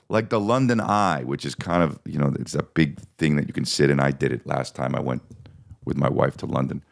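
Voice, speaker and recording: A man with a very low, gravelly voice and plenty of fry tells comic stories on his podcast. He rambles, swears freely and throws in sarcastic asides. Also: fairly quick. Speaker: podcast host and stand-up comedian. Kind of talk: casual comedic storytelling.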